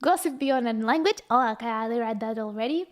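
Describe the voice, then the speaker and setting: Lively high-voiced streamer woman. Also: brisk. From Ukraine. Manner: lively storyteller, reads chat aloud, laughs often. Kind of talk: casual live-stream chat.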